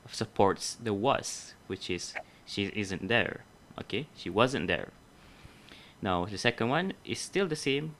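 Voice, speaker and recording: A man's voice: fairly low pitch, a bit bright, slight background noise. A young adult man teaching a grammar lesson, explaining methodically step by step and correcting himself along the way.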